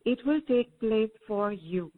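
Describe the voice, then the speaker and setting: A woman spiritual teacher guests on a call-in show and explains things in a measured, affectionate way. Her voice is fairly high. It comes through a narrow, phone-like line. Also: expressive. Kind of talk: call-in coaching talk.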